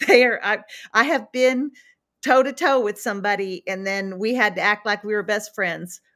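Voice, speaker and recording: A woman's voice: mid-range voice, moderate pace, a bit bright. A woman co-hosting a podcast, reflecting in a casual chat and chuckling between phrases. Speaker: podcast co-host.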